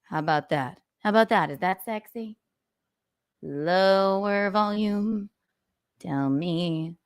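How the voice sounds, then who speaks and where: A woman's voice: medium pitch, takes it slowly, clean tone. A woman hosting her own live stream in a casual, playful and theatrical way, humming nonsense sounds as she adjusts her studio mic. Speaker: host. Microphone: own studio mic, adjusting its volume.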